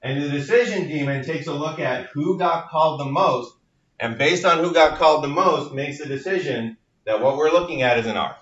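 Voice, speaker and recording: A man's voice: a little high, normal speed, a bit bright. Man, lecturer, playful explaining, dull lo-fi distant recording. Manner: playful, explains with everyday comparisons. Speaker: university lecturer. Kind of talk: classroom lecture. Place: lecture classroom. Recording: echoey lecture hall, distant dull mic.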